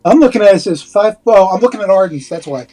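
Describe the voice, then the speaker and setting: A man's voice: high-pitched, expressive, fast, mellow. A man playing a tabletop game, chatting casually and laughing easily. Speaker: player.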